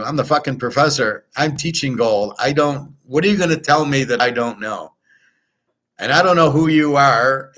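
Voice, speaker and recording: A man's voice: mid-range voice, fairly bright tone. A man hosting his own show, talking in a blunt, profane, rambling way with a Detroit accent. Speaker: show host. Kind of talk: casual monologue.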